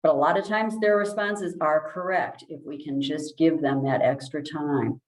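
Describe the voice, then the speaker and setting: A woman speech language pathologist giving a calm, explanatory presentation, with many ums and restarts. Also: low-pitched, normal speed, reverberant, rough recording. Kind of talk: informal presentation.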